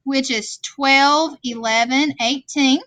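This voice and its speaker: A woman's voice: high voice, fairly even intonation, slow pace, a bit bright, no echo. A woman teaching a vocabulary lesson, patiently explaining words and checking in with "okay?". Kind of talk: classroom worksheet lesson. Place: classroom screen recording.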